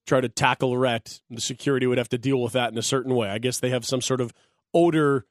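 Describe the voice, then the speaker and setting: A man's voice: mid-range voice, fairly even intonation, fast talker, no echo, clean studio sound. A man co-hosting a radio show, telling an anecdote in a wry, matter-of-fact way. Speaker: radio co-host. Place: radio studio.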